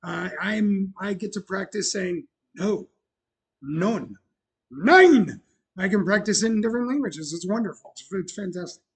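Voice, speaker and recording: A man's voice: high voice, vocal fry, a little mellow, breathy edge. A man hosting a casual show about opening his bar, chatty and self-mocking, laughing often. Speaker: bar owner and show host. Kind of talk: casual chat.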